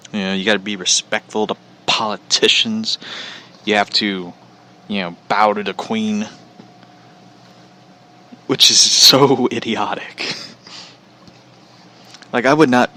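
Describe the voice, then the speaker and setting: A man's voice: fairly low pitch, pushed and bright. A man from Missouri hosting a podcast, ranting casually in a blunt, profane, rambling way. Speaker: podcast host. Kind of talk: casual rant.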